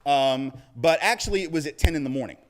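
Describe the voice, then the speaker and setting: A man giving a storytelling speech, lively and acting out the voices of people in his anecdotes. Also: fairly high pitch, quick pace. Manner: animated, acts out quoted voices. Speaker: public speaker.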